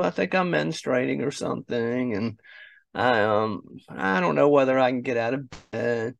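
A man's voice: medium pitch, animated, normal speed, creaky, no room sound. A man hosting an opinionated commentary show, blunt, mocking and profane. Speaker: show host.

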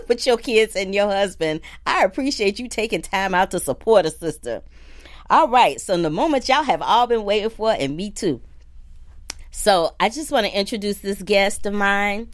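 A woman's voice: fairly low pitch, moderate pace, no echo. A woman hosting a film review show, talking chatty and casual with slang like "y'all" and "girl". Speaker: film critic host.

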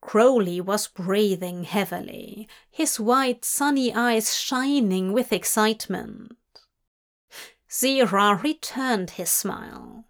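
A woman narrating a fanfiction audiobook in a steady, measured reading voice. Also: mid-range voice. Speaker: audiobook reader.

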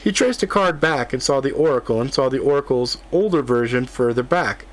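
Steady male audiobook narrator. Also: medium pitch, a little fast.

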